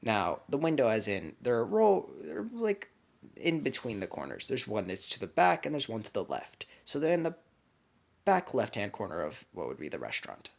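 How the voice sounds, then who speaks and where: A man's voice: on the low side, huge pitch swings, moderate pace, creaky. A young man casually telling a fan-made story to his channel, rambling with fillers and the odd swear. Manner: rambling, with many fillers and profanity. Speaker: YouTube storyteller.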